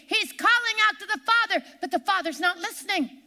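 A woman pastor preaching a sermon in a church, repeating her lines and slowing down to cry out the verses she reads. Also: extremely high pitch, lively intonation. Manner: impassioned preaching, repeats lines, slows and shouts on scripture.

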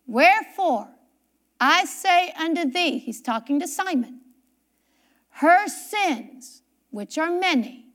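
A woman preaches a sermon in a very high, bright voice that rises and falls a great deal. She takes her time, reading scripture slowly and repeating key phrases for emphasis. She often puts questions straight to her listeners. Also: lively intonation. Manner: questions the congregation directly.

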